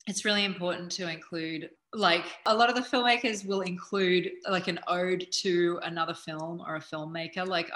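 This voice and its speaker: Bright-voiced Australian woman, chatty. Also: on the low side. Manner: chatty, animated, many fillers. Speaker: actor giving acting advice. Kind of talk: casual acting tips to camera.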